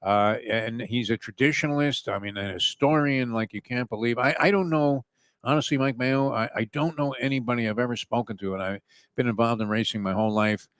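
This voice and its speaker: A man's voice: medium pitch, a little fast, fairly bright tone, clear, resonant tone, dry recording. A man co-hosting a casual outdoor chat at the beach, joking and often restarting his sentences. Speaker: co-host. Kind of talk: casual banter.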